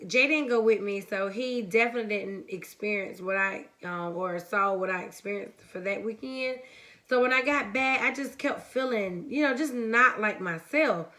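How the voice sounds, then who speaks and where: A young woman from the United States telling a story-time vlog in a lively, chatty way, talking straight to her viewers. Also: a little high, measured pace. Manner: casual and chatty, calls viewers honey and baby. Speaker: vlogger.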